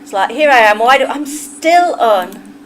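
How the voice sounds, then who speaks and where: A woman's voice: fairly high pitch, animated, measured pace, slight background noise, low-quality recording. A middle-aged woman with a Kentish English accent, chatting casually and with firm opinions to her livestream viewers. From England. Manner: chatty, opinionated, talks straight to chat.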